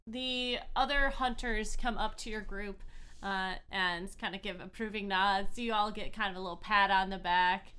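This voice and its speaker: A woman's voice: medium pitch, fairly even intonation, moderate pace, sharp tone, smooth. A woman narrating as game master of a tabletop game, chatty, with many fillers.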